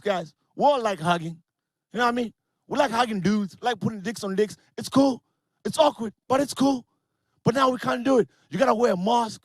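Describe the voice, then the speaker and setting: A brash stand-up comedian with a high-pitched man's voice, crude and animated as he spins his jokes. The sound is dry and close, with no room around it. He jumps between big shouted punchlines and quick asides. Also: no echo. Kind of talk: online stand-up set.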